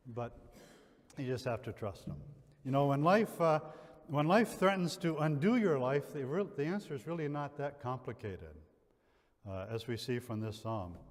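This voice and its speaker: A man from the Upper Midwest, a pastor preaching a sermon in a relaxed, conversational way, full of fillers and restarts. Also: mid-range voice, long reverb tail. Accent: Upper Midwest American. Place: church sanctuary.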